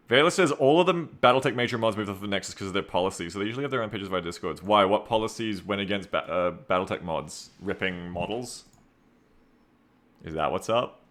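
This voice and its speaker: A man talks loosely on his live stream in a bright, forward voice. He rambles, mocks himself and reads off viewer names one after another. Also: lowish voice. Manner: rambling, self-mocking, reads chat aloud. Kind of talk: casual live-stream chat.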